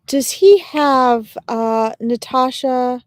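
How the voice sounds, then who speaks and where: A woman giving a live-streamed psychic reading as a medium, talking in a gentle, reassuring way with frequent pauses and fillers. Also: high voice, smooth, dry recording, clean studio sound. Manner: gentle, reassuring address to viewers.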